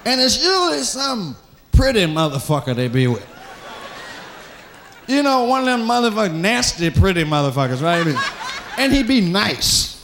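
Animated profane man doing stand-up. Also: high-pitched, moderate pace, a little hiss or hum. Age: adult, married. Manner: profane, animated, acts out voices of men in bars. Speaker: stand-up comedian. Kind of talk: stand-up comedy routine.

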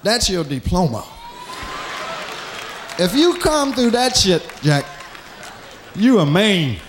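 A married man performing a profane, animated stand-up routine, acting out the voices of men in bars. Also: high voice, slow pace, crowd noise, noisy background. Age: adult, married. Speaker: stand-up comedian.

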